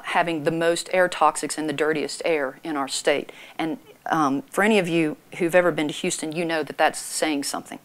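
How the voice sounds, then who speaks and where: A middle-aged woman, hoarse from a cold, giving a measured talk to an audience with dry, pointed asides. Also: low voice. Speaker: public speaker.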